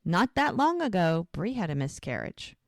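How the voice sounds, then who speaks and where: A woman co-hosting a podcast casually recaps scenes from a TV show, performing the characters' lines herself. Her voice sits on the low side with big swings in pitch at a normal speed, recorded in clean studio quality with no room sound.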